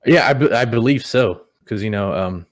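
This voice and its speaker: A young man telling personal stories in a relaxed, rambling way, full of "you know". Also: fairly low pitch, normal speed. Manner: rambling, repeats words, many "you know"s. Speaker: guest. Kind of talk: casual podcast storytelling. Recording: audio-only podcast.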